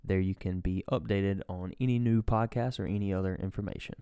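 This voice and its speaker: A man hosting a podcast, talking in a relaxed, casual way and signing off the show. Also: deep voice, a little fast, clean tone, no room sound. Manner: laid-back, swears casually, rambling outro. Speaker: podcast host.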